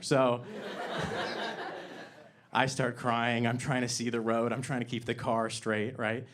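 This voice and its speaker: A young man doing stand-up in a theater, his voice sitting at an ordinary middle pitch. He sets up jokes quietly and earnestly, then jumps up loud and high for the punchline. The sound is a handheld stage mic. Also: slow, long pauses, slight background noise. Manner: deadpan sincere build-ups that burst into loud punchlines. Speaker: stand-up comedian. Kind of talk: stand-up comedy set. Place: theater stage before a live audience.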